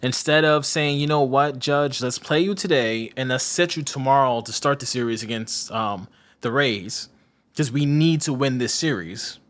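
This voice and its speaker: A man's voice: mid-range voice, normal speed, a bit bright. A man co-hosting a casual sports podcast, rambling and sarcastic, often stopping to search for a name. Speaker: podcast co-host.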